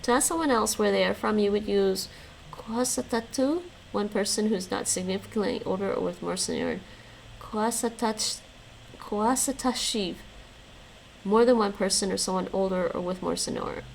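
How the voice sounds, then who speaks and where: A woman's voice: medium pitch, fairly even intonation, fast, creaky, a little hiss or hum, low-quality recording. A woman streaming her language study, reading lesson notes aloud and chatting with her viewers, laughing often. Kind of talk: casual live-stream chat.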